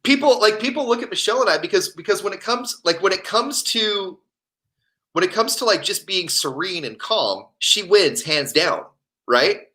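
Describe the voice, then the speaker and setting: Lively, bright-voiced rambling man. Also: sits high, normal speed, poor audio. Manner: rambling, laughing storyteller. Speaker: co-host. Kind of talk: casual podcast chat.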